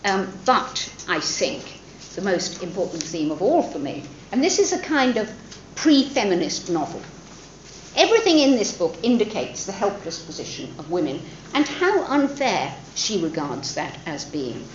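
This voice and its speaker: A woman lecturer talks through a novel in a thoughtful, expressive way, her pitch moving freely. She pauses on fillers and restarts her sentences. The recording is roomy, a bit dull, with a faint background hum. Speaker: literature lecturer.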